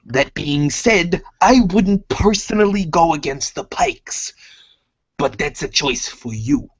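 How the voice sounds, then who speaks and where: A man's voice: on the high side, animated, slow pace, breathy edge, exaggerated voice. A man doing a blunt crime boss. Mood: confiding. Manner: blunt and scolding. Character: gruff male crime boss information broker. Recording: dull lo-fi recording.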